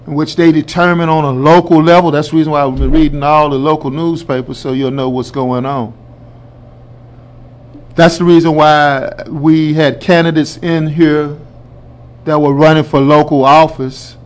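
Slow, emphatic talk-radio man. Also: on the high side. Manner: emphatic, preacherly, builds to loud declarations; colloquial, addresses listeners as folks. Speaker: radio show host. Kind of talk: political commentary monologue.

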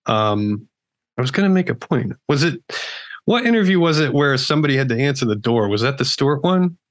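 A man in casual conversation on a podcast, talking in a relaxed, easygoing way and thinking out loud. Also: mid-range voice, brisk, dry recording. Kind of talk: casual chat.

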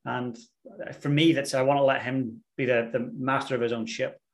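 Thirtyish male guest, measured and thoughtful, talks with pauses. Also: mid-range voice, flat delivery. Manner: thoughtful, reflective, with pauses and fillers. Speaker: podcast guest, entrepreneur and coach. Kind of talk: conversational interview.

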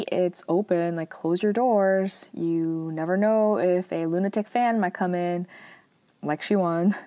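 Chatty young woman recapping a drama. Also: no echo. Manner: chatty, heavy use of "like" and "um"; lively asides, acts out quotes in a higher voice. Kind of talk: casual retelling of a TV drama episode.

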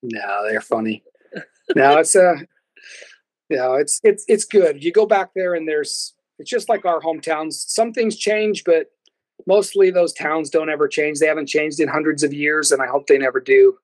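A man's voice: on the high side, normal speed, dry recording, poor audio. A man who is a podcast guest, telling stories in a casual chat and laughing often.

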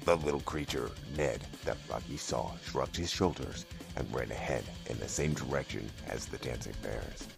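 A man narrating a comedy audio drama in a deadpan, steady manner. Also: a bass voice, moderate pace, creaky, few pauses, over music.

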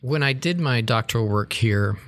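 A man in his fifties from Arizona, co-hosting a podcast with measured, thoughtful talk. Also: medium pitch, expressive, fairly bright tone, dry recording. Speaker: podcast co-host and professor. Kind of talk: casual chat.

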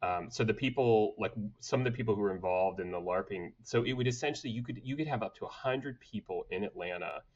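Animated storytelling man, lo-fi sound. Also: on the low side, quick pace, few pauses. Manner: animated, swearing, laughing storyteller. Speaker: podcast guest. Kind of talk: casual storytelling chat.

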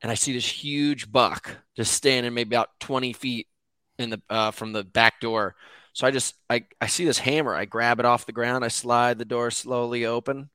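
A man's voice: medium pitch, fairly even intonation, normal speed, bright, forceful tone, clean tone, no echo. A man who is a podcast guest, telling a story in a laid-back way and swearing casually. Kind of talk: casual chat.

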